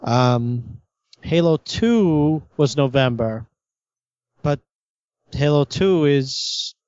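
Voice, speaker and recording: A man with a slightly raised pitch hosts a casual gaming podcast. He stumbles through restarts and keeps the talk loose. The audio sounds muffled and lo-fi. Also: animated, a little mellow, smooth, no room sound. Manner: halting, restarts often, laughs easily.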